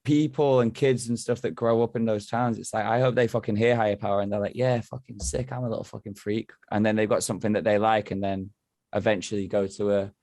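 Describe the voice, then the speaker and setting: A man's voice: on the low side, steady tone, fast, darkish tone, no echo, studio quality. A man from England talking as a podcast guest, rambling and swearing freely while he tells stories. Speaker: podcast guest, band member. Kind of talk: casual chat.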